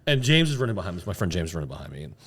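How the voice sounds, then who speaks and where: A man's voice: deep voice, rapid-fire. A middle-aged man co-hosting a podcast, telling a story in casual chat, acting out the people in it and laughing often. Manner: animated storyteller, acts out shouted quotes, laughs often. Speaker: podcast co-host.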